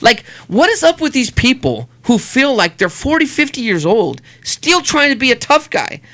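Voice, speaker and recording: In a very high-pitched voice at a moderate pace, a middle-aged man co-hosts a podcast. His casual talk is profane, mixing animated storytelling with rants and plenty of swearing.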